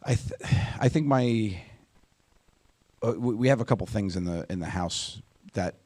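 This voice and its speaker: A man in his forties, a guest on a talk panel, telling stories in a casual, animated way, laughing often and acting out what others said. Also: fairly low pitch, moderate pace. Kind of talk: casual conversational storytelling.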